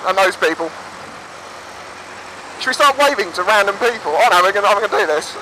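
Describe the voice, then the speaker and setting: Guy in his 20s vlogging off a motorbike helmet cam, chatty and sweary, quite high voice, bit of road noise. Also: lively intonation, brisk, long pauses. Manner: chatty, swears freely, acts out quoted voices. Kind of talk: casual storytelling vlog. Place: outdoors on a motorbike by the seafront. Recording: faint road and engine noise.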